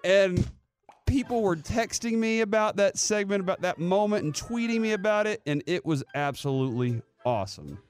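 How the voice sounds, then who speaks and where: A man co-hosting a radio show, retelling moments with excited enthusiasm. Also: high voice, normal speed, clear, resonant tone, faint music behind. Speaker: radio co-host. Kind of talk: casual studio banter.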